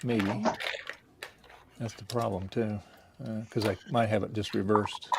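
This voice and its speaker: A man's voice: on the low side, fairly even intonation, a little slow, vocal fry, heavy background noise. A man hosting a live stream, explaining step by step what he is doing while repairing a hard drive. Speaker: host. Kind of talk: casual live-stream chat.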